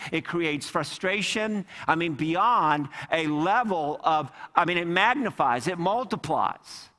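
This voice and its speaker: A man preaching a sermon, animated, acting out the people in the scripture reading. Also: high voice. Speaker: pastor. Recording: long hall reverb.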